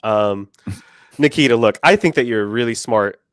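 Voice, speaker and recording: A man's voice: mid-range voice, moderate pace, smooth, no room sound, clean studio sound. A man co-hosting a live stream, ranting with lots of swearing and stammered restarts in casual chat. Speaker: podcast co-host.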